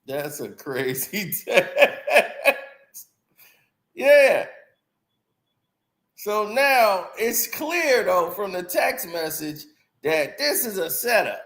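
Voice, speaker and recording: A man's voice: high-pitched, big pitch swings, extremely slow, long pauses, a bit bright, reverberant. A man streaming casual reaction commentary on news, laughing often and joking as he talks.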